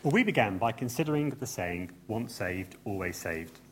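A man's voice: fairly low pitch, expressive, normal speed, a little hiss or hum. A man preaching a sermon in a church, earnest and emphatic, with light asides to the congregation.

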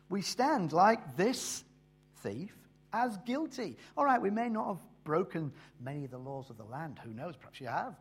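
A man preaching a sermon, slowing down and swelling in loudness on key phrases before dropping low again. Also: a little hiss or hum. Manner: emphatic, rises and drops in loudness and slows on key phrases.

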